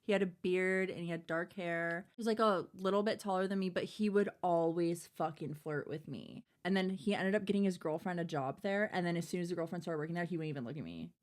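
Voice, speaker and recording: A woman's voice: on the low side, brisk, hardly any pauses. A young woman co-hosting a podcast, chatting bluntly and gossiping about old coworkers. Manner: blunt, gossipy, reacting with short quips. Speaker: podcast co-host. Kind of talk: casual chat.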